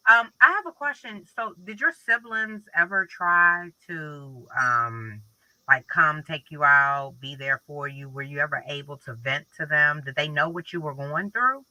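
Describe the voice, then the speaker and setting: A woman's voice: deep voice, unhurried, bright, forceful tone, no room sound, poor audio. A woman hosting a podcast, upbeat and encouraging, asking her guest a string of questions. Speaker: podcast host. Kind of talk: interview questions.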